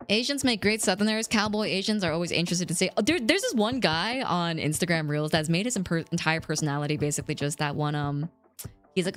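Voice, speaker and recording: A woman around thirty chatting casually with her live chat as a streamer, reading messages aloud and laughing often. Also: deep voice.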